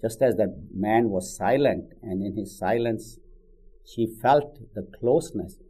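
A man with a lowish, dark, slightly rough voice speaks a little slowly in a low-quality recording. He's a spiritual teacher delivering a conversational sermon through storytelling, with frequent "you know" asides.

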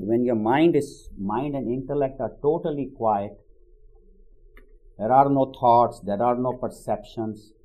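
A man's voice: mid-range voice, dark tone, low-quality recording. A man giving a conversational spiritual talk, telling a story with frequent "you know" asides. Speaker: spiritual teacher. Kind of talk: sermon with storytelling.

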